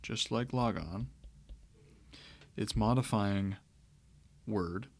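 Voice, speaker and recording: A man teaching a lesson on grammar, talking it through in a relaxed way, with pauses and restarts. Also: on the low side, gravelly. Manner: relaxed, thinking aloud with fillers and restarts. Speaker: Greek teacher. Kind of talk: lecture.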